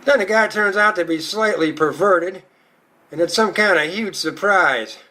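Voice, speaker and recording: A man's voice: high voice, a little slow, bright, forceful tone. A male stand-up comedian telling a crude, profane routine in a rowdy storytelling manner.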